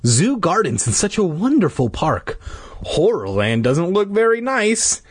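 A man's voice: sits high, very animated, a little slow, husky, dry recording, pitched above the performer's own voice, exaggerated voice. A man voicing a cautious, fretful mother in a children's story.

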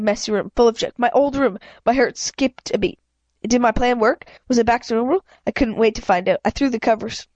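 A woman's voice: a little high, darkish tone, no room sound, highs cut off. A woman reading a children's novel aloud in first person, often stumbling and correcting herself. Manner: halting, frequent self-corrections. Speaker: reader.

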